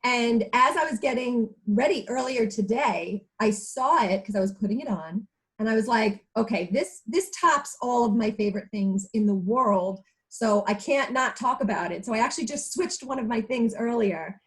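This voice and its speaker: A woman's voice: on the high side, normal speed, fairly bright tone, rough recording. A woman chatting earnestly and effusively on a talk show over a video call, with many fillers. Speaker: regular of a women's talk show. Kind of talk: casual heartfelt chat.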